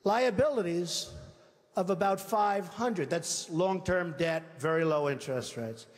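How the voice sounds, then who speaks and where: A man's voice: high-pitched, unhurried. An older man running for president, giving a boastful, repetitive campaign speech and acting out imagined phone calls. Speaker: presidential candidate. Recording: long reverb of a large hall.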